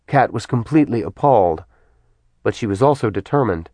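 A man reading a fantasy audiobook as narrator, in a steady storytelling manner. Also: on the low side, fairly quick, no room sound.

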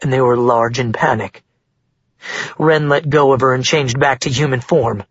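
Husky male audiobook narrator, dry booth sound. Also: mid-range voice, steady tone, normal speed, dry recording, lo-fi sound. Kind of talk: scripted narration.

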